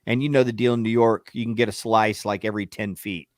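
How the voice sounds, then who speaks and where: A man co-hosting a radio show, telling a story with animated, profane energy and acting out arguments. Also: fairly low pitch, fast talker, dry recording, studio quality. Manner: profane, acts out shouting matches in quotes.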